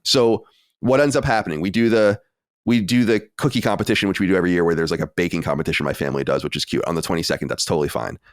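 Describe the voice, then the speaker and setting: A man in his late thirties, a podcast co-host, telling an animated story with exasperated asides in casual chat. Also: low-pitched, racing, dry recording, studio quality. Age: 30s.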